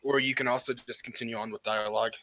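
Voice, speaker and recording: A man narrating as game master, halting with many fillers. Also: mid-range voice, steady tone, sharp tone, rough recording.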